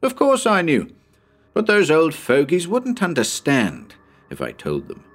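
A man voicing a cranky elderly male professor with a squeaky voice and a severe, scornful manner. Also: measured pace, slightly rough, full character voice. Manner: severe, contemptuous, excitable.

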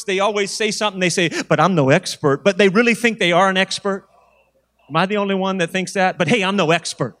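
A man preaches in a high, ringing voice. He drives his points home in emphatic, rhythmic runs and drops in wry jokes along the way. The sound carries a long reverb, as in a big hall. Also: fairly bright tone. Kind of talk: sermon.

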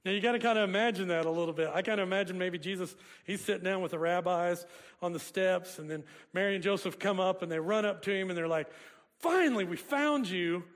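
A man with a high, steady-toned voice preaches at a quick pace. He's a pastor joking and chatting with the congregation as he talks, and the sound has a long hall reverb.

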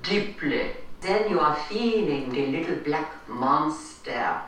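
An actress playing a scheming woman posing as a foreign doctor, speaking slowly in a put-on foreign accent, heard from an echoey film soundtrack. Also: deep voice, expressive, a bit bright, far from the mic, a little hiss or hum, exaggerated voice. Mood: coaxing.

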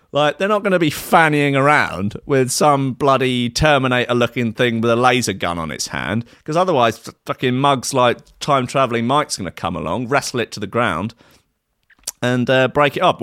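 A man's voice: mid-range voice, a bit bright, no echo. Profane, sarcastic man, dry sound. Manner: profane, sarcastic, laughing at his own jokes. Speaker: comedy podcast host. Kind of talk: mocking comedic commentary on a news story.

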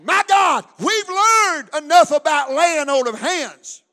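A male pastor preaching a fiery sermon, shouting and then dropping to quiet. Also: very high-pitched, lively intonation, slow pace. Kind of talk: Pentecostal sermon.

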